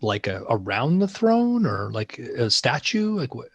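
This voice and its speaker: A man chatting casually as a tabletop game player, in a relaxed, questioning way, over a video call. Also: medium pitch, measured pace, slightly rough, no echo, muffled recording. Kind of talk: casual chat.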